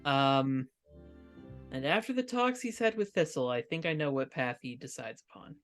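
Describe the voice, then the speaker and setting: A woman's voice: rumbling low, animated, moderate pace, soft background music. A woman playing a tabletop game, speaking casually and thinking aloud. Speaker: player.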